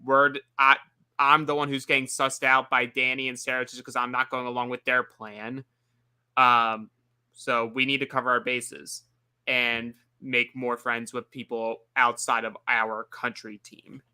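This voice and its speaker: Bright-voiced rambling male co-host. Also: mid-range voice, level tone, measured pace, smooth. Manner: rambling, heavy on "like" fillers. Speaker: after-show co-host. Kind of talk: casual recap chat.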